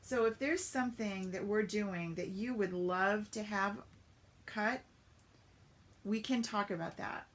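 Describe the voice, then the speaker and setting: A woman's voice: medium pitch, a little slow. Chatty woman demonstrating a craft. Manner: chatty, step-by-step, greets viewers. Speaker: papercraft demonstrator. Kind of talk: live-streamed craft demo.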